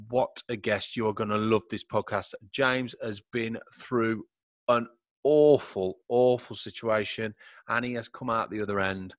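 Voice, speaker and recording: A man's voice: on the low side, a bit bright, no room sound. A middle-aged man hosting a podcast in casual chat, laughing easily and swearing now and then. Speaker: podcast host. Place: home room called a man cave.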